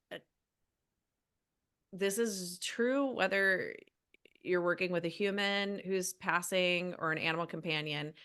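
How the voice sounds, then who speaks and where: A woman's voice: on the low side, a bit bright. A woman guest on a podcast, an animal healer, talking earnestly and from the heart, often restarting her sentences. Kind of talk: casual podcast conversation.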